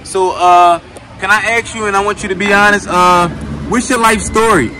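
A man's voice: high voice, steady tone, moderate pace. A man interviewing people on the street for his vlog, earnest and emotional, often repeating himself. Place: outdoors on a city street. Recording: street traffic noise outdoors.

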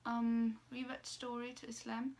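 Hesitant young woman, flat higher voice. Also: measured pace. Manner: hesitant, many fillers and restarts, soft asides. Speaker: vlogger. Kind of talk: casual personal storytelling.

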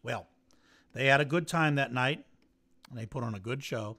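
A man telling a children's animal story in a playful, animated manner, then thanking a festival audience. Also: mid-range voice, normal speed, long pauses.

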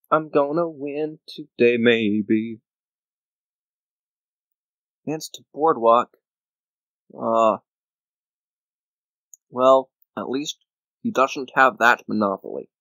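A man's voice: medium pitch, slow, long pauses, a bit bright, no room sound, low-quality recording. A man casually commenting on his own board game play, counting squares aloud and grumbling at his opponent. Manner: talks to himself, counts squares aloud, mock-angry grumbling. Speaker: gamer playing a board game video game.

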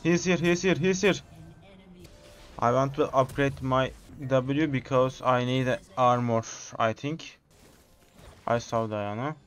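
A man talks through his own gameplay at an unhurried pace, at a middling pitch for a man. He bursts into clusters of repeated short exclamations and uses phrasing. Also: faint music behind. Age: 20s. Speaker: gamer streamer. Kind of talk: live gameplay commentary.

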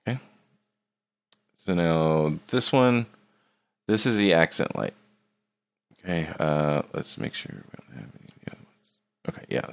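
A man teaching a 3D rendering class in a casual screen-recorded tutorial, joking and teasing his students as he works. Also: extremely low pitch. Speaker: 3D art teacher.

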